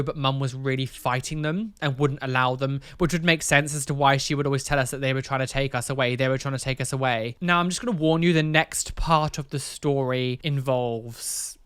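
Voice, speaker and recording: A young man telling a painful personal story to camera, candid and emotional, halting with fillers. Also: medium pitch, fairly bright tone, clean tone, dry recording, studio quality. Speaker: vlogger.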